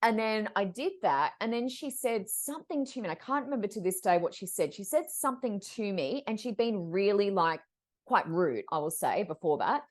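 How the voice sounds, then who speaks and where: A woman's voice: mid-range voice, moderate pace. A woman, a psychic medium, telling stories as a podcast guest, acting out the voices of the people in them. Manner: acts out quoted voices, expressive. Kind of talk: animated storytelling. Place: podcast recording.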